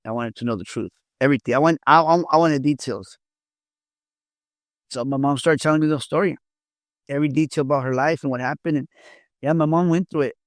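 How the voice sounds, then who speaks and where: A middle-aged man, born in Mexico, speaks as an interview guest about his past. His voice sits a little high for a man, and he stumbles and restarts often. The sound is dry and close, with no room around it. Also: no echo. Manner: halting, many restarts and repeated words. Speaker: interview guest, former police officer. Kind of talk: candid storytelling in an interview.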